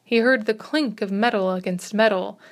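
A woman reads a classic short story as an audiobook narrator. Her reading is measured and expressive, at medium pitch.

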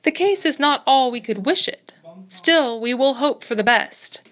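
A woman's voice: high-pitched, expressive, unhurried, a bit bright, voice pushed up. A woman reading aloud as a genial, self-assured male doctor who chats easily at a bedside. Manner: easy, talkative bedside chatter.

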